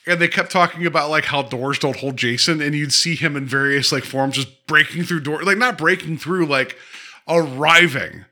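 A man co-hosting a casual podcast who talks in quick bursts, laughing often and cutting his sentences short. His voice is slightly high and very bright. He sounds lively and eager. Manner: animated, laughing, trails off mid-sentence. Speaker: podcast co-host. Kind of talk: casual movie chat.

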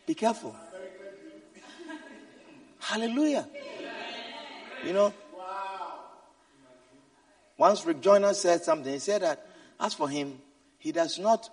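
A man preaching a sermon, swinging from quiet asides to shouted exhortations. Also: sits high, animated, unhurried, long pauses. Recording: echoey hall, mic at a distance.

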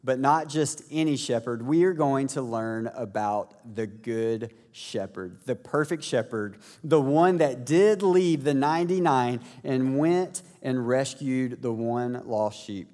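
Storytelling preacher in an echoey hall. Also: male voice, mid-range voice, takes it slowly, hardly any pauses. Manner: animated, conversational storytelling with asides to the congregation. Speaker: pastor. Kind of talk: storytelling sermon.

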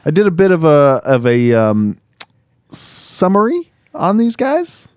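A man's voice: fairly high pitch, huge pitch swings, slow, darkish tone, no echo. A man co-hosting a casual podcast chat, teasing his partner with dry humor. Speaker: podcast co-host.

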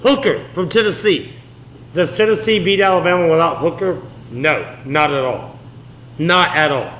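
A man runs a casual solo sports podcast, chatty and joking as he speaks right to his listeners. His voice sits a little high and rings off the walls of an echoey room, with a faint hiss underneath. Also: normal speed, fairly bright tone. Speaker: podcast host.

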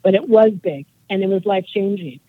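A woman's voice: medium pitch, fairly quick, dry recording. A woman in her forties speaks earnestly and at length, her thoughts rambling from one point to the next. Her voice comes through a thin, phone-like line with a dry, close sound and no room around it. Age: 40s. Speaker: guest. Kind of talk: casual interview chat.

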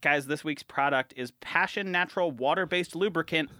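A man co-hosting a podcast in casual banter, jokey and animated, laughing often and slipping into silly accents. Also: fairly high pitch, moderate pace, no room sound, clean studio sound. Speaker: podcast co-host.

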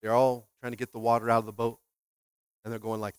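A male pastor preaching a lively sermon, asking the congregation questions and swinging between quiet asides and loud, emphatic bursts, often repeating words as he restarts. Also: medium pitch, fast, clean tone, no room sound.

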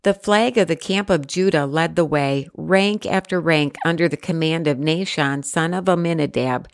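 Woman, low register, measured scripture reading, dry close sound. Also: vocal fry, dry recording. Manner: steady, measured reading with careful pauses. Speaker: scripture reader.

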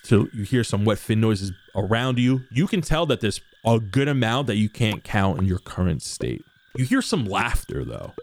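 A young man narrating as game master, casual and swearing, with lots of fillers. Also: lowish voice.

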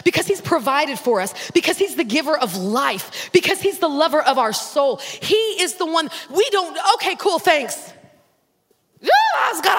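Animated woman pastor preaching. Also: sits high. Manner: animated storytelling, rising to shouts. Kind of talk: sermon. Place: large church hall. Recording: long hall reverb.

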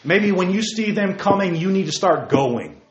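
Guy preaching a bible study, super emphatic, pitch all over the place, kinda muffled recording. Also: lively intonation, moderate pace. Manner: emphatic, jumps to near-shouts, rhetorical questions. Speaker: Bible teacher. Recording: roomy, dull lo-fi sound.

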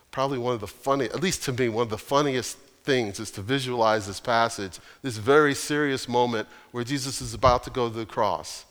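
A man's voice: mid-range voice, fairly bright tone, clean tone. Man preaching in a reverberant hall. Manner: earnest, emphatic preaching with pauses. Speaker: pastor. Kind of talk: sermon.

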